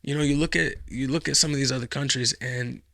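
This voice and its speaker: Guy rambling on a podcast, gravelly edge, swears a lot, dry close mic. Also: mid-range voice, fairly even intonation, fast talker, a bit bright, dry recording. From United States. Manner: rambling, profane, full of fillers and restarts. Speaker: podcast host. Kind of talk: casual rambling chat.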